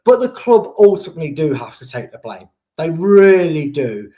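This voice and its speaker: A man with a somewhat raised pitch talks through football issues in a loose, rambling way. He jokes as he goes and swaps in silly made-up words to dodge touchy terms. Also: sing-song, normal speed, mellow, a little hiss or hum. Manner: joking, rambling, uses playful made-up euphemisms. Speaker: co-host and pundit. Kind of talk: casual discussion.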